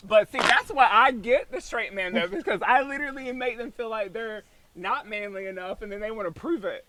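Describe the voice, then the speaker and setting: Guy cohosting a chatty podcast, high voice, laughs a lot, acts out what people said. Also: moderate pace, dry recording, low-quality recording. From North Carolina. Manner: animated storyteller, laughs often, acts out quotes. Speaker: podcast co-host. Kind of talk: casual chat.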